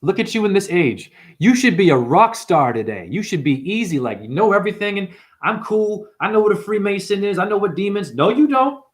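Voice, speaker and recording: A man's voice: high voice, sing-song, a little fast, few pauses. A man giving an intense, profane spiritual sermon to camera, firing rhetorical questions at the viewer. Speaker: spiritual teacher. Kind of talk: unscripted preaching monologue.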